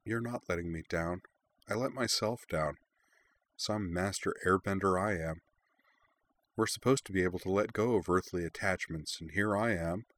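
A man voicing a tearful, gentle teenage girl airbender who talks softly through sniffles. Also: fairly low pitch, little pitch movement, a little fast, vocal fry, few pauses, slightly rough. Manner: soft, sniffly and quiet.

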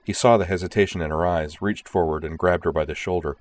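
A man narrating a story in a steady, measured audiobook reading. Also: low voice.

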